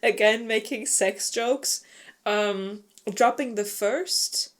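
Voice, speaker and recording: A woman's voice: fairly high pitch, takes it slowly. A woman co-hosting a book club podcast, casually retelling the plot with laughter and disbelief.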